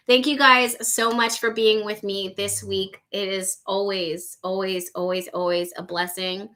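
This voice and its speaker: A woman hosts a relaxed live chat, reading out viewers' comments one after another. Her voice is bright and clear, and she is effusive, savoring lines by saying them again. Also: mid-range voice, slow pace. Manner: effusive, repeats phrases to savor them, laughs often. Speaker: livestream host.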